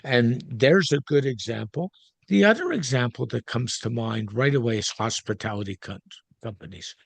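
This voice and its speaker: A man's voice: mid-range voice, animated, moderate pace, vocal fry, husky, dry recording. Chatty man hosting a podcast. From Canada. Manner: chatty, goes off on tangents. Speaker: podcast host. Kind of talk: casual interview chat.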